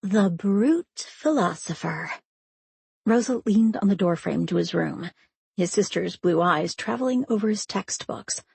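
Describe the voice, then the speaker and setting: Slow, raspy woman narrator. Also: medium pitch, animated, a little mellow, no echo. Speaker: audiobook narrator. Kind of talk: scripted narration.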